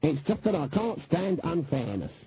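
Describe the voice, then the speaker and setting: A man's voice: fairly high pitch, sing-song, normal speed, mellow, breathy edge, dry recording, voice pushed up, full character voice, low-quality recording. A man doing a stern, imperious old witch. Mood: haughty. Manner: brusque, commanding. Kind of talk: audiobook character voice.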